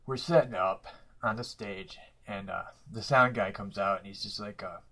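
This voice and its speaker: A man's voice: on the low side, moderate pace, a bit bright, poor audio. A man, telling stories casually to his viewers, rambling with lots of fillers and chuckling mid-sentence. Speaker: vlogger. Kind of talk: casual storytelling.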